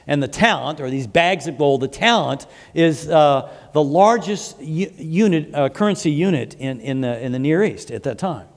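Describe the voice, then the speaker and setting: Man, pastor, sermon, fairly high voice, explanatory with asides, long hall reverb. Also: expressive, a little slow. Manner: explains scripture with asides and restarts. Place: church sanctuary.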